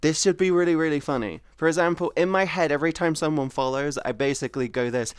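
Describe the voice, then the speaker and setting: Excitable woman streamer, smooth voice. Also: deep voice, fast, few pauses, no echo, studio quality. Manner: excitable, expressive, swears freely. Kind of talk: casual live-stream chat.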